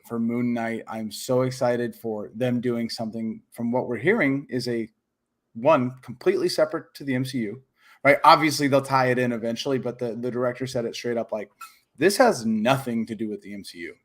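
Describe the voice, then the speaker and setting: A man co-hosting a podcast in casual chat, excitable and rambling, with many restarts and fillers. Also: mid-range voice, moderate pace. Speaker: podcast co-host.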